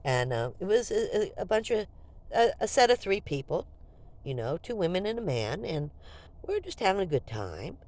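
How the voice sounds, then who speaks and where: Lively older woman telling stories. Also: on the low side, moderate pace. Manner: animated, jokey, talks straight to viewers. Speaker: vlogger. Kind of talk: casual storytelling to viewers.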